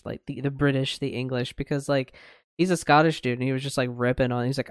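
A man from the United States co-hosts a podcast in casual chat, his voice smooth and clear at a middle pitch. He talks in a loose, hesitant way with lots of fillers, and the sound is close and dry. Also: brisk, no echo. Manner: relaxed, hesitant, many fillers, laughs easily. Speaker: podcast co-host. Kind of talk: casual discussion.

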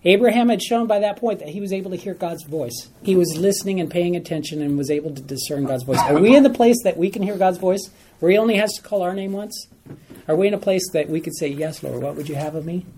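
A man teaching a Bible study class, animated, often repeating phrases and putting questions to the class. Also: high voice, fast talker, slight background noise.

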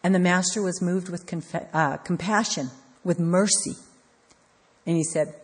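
An earnest woman delivering a devotional sermon, measured and repetitive for emphasis. Her voice sits fairly low, and a long reverb trails each phrase as if in a large hall. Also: steady tone, slightly rough. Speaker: preacher.

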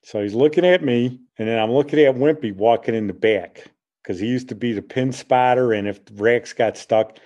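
A radio host in his sixties from the Chicago area tells stories in a chatty, casual way. His voice is mellow and mid-pitched. He livens up when something amuses him. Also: normal speed, lo-fi sound. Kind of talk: casual storytelling.

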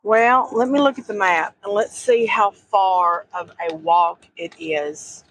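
A woman's voice: mid-range voice, slow pace, no room sound, low-quality recording. Chatty woman, middle-aged. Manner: chatty, homespun drawl. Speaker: podcast co-host. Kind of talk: casual travel chat. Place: outdoors at sand dunes.

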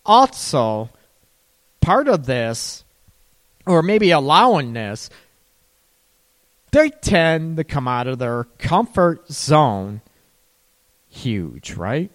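A man's voice: a little high, very animated, drawn-out words, long pauses. Chatty middle-aged man giving sex advice. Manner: rambling, chatty, acts out worried voices. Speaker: relationship advice host. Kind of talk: casual advice monologue.

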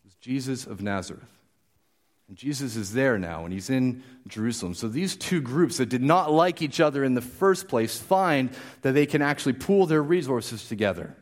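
A man's voice: medium pitch, expressive, moderate pace. Guy giving a sermon, chatty and explaining, voice swings around a lot. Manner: conversational, explanatory, with frequent restarts. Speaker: preacher.

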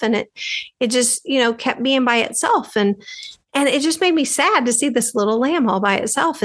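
A woman's voice: a little high, a bit bright. A woman podcast host from the United States, telling a personal story in a chatty, rambling way with lots of "like" fillers.

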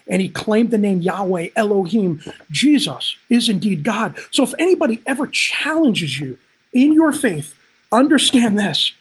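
Pastor, livestream sermon; husky, fervent, talks straight to the flock. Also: medium pitch, big pitch swings, moderate pace. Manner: impassioned, swelling to emphatic peaks; frequent "man" interjections, direct address.

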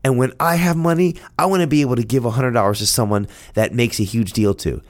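A man's voice: mid-range voice, fast talker. A man telling a personal story in an earnest, heartfelt, conversational way.

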